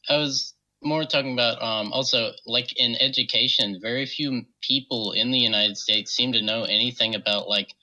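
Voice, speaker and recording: A man's voice: mid-range voice, fairly even intonation, normal speed, few pauses, bright, forceful tone, low-quality recording. A man calling in to a talk show, speaking hesitantly with many fillers. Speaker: caller.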